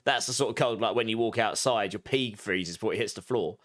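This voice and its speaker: Man, Essex accent, thirties, casual streamer chat, quick asides to viewers. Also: lowish voice, a bit bright. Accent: Essex English. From southeast England. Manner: chatty, reads out viewer messages, quick asides. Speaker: game streamer.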